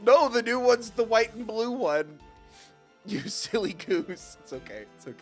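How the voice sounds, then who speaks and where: A man streaming a game live, expressive and swearing, with frequent laughs and loud outbursts. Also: high-pitched, unhurried. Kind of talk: live gaming commentary. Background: faint game music.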